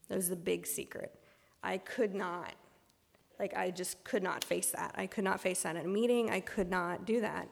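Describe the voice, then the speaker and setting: A woman's voice: medium pitch, gravelly, big-room sound. A woman giving a candid, self-deprecating personal recovery talk, full of ums and restarts. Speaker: speaker sharing her recovery story at a meeting.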